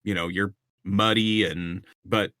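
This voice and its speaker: A man narrating a tabletop game, pausing on ums as he sets each scene. His voice is low but bright, recorded close and dry. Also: fairly even intonation, no echo. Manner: descriptive, with frequent ums and restarts. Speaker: game master.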